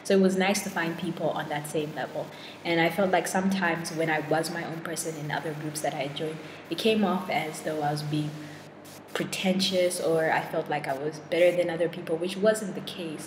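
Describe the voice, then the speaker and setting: A woman's voice: low-pitched, steady tone, brisk. A young woman in a casual vlog monologue, chatty and self-deprecating, full of fillers and restarts. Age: young adult. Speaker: vlogger. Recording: echoey room with long reverb and clear noise.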